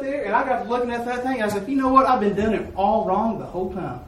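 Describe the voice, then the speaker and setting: Speaking quickly, a lay preacher gives his testimony during a church service in a folksy style, his high voice taking on the part of each person he quotes. Because the microphone is far off, the roomy sanctuary echoes around him, and a slight hiss runs underneath.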